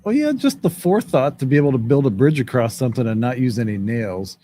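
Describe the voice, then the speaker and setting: A man's voice: mid-range voice, animated, fast talker, mellow. A man hosting a casual chat show, laid-back and joking, reading viewer comments. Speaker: podcast host.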